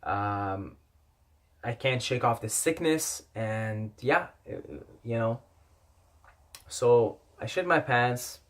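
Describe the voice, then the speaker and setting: A man's voice: mid-range voice, lively intonation, slow, pauses often. A young man whose first language is not English, telling a personal story in a rambling, repetitive way and swearing often. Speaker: vlogger. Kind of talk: casual storytelling.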